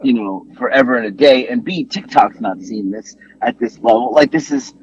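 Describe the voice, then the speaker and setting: A man co-hosting a casual podcast, telling stories with lively exclamations and some swearing. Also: medium pitch, normal speed. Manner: animated storytelling, swearing, exclamations. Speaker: podcast co-host. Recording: dull lo-fi dry podcast audio.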